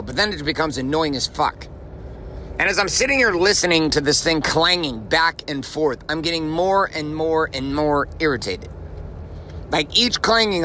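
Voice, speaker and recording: Blunt, bright-voiced man ranting from his car. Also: fairly high pitch, a little hiss or hum. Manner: blunt, emphatic, swears freely, repeats phrases for punch. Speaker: podcast host. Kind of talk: profane motivational monologue. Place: in his car while driving. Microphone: recorded while driving.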